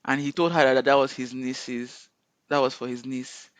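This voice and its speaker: A man tells a story in a relaxed, chatty recap. He often slips into quoted voices and keeps a lively, amused tone. The recording is close and dry. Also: mid-range voice, normal speed, no echo. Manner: animated retelling with frequent laughter and quoted voices. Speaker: co-host reviewing a viral video series.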